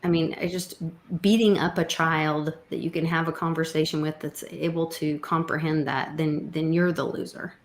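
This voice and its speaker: A woman's voice: deep voice, fairly even intonation, moderate pace, hardly any pauses. A woman in casual chat, giving firm, opinionated views. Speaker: guest co-host. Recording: roomy echo.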